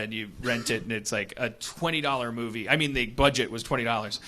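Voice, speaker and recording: A man's voice: mid-range voice, fast, few pauses, sharp tone, a little hiss or hum. A man hosting a podcast who tells a comedic story in a rambling way and laughs as he talks. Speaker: podcast host. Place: stage before a live audience. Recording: live show with audience.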